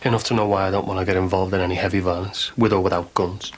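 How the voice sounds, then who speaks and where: Young scouse ex tearaway, rueful, talks quick. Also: male voice, low-pitched, level tone. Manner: blunt, rueful storytelling. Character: reformed young Liverpool tearaway, sober, earnest. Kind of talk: 1990s TV soap acting.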